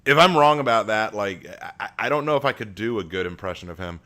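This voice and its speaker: A man's voice: fairly low pitch, animated, fast talker, sharp tone. A man hosting a casual live stream from home, chatting with viewers and reading their messages aloud.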